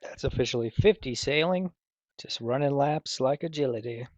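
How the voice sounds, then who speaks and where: A man's voice: medium pitch, normal speed, dry recording. A man giving casual commentary over his own gameplay, loose and rambling, with many fillers and restarts. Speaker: gaming video creator. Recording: dull, lo-fi, dry voice recording.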